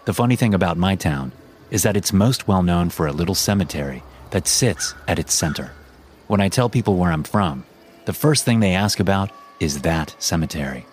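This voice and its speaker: A man narrating a first-person horror story in a slow, measured, suspenseful way, as the host of his own story channel. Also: low voice, expressive, a little mellow, slight background noise.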